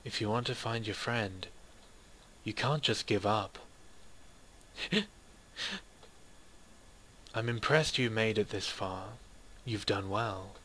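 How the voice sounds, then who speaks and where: A man's voice: fairly low pitch, slow, pauses often, slight background noise. A man doing an eerie soothing little girl. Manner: soft, hushed, coaxing.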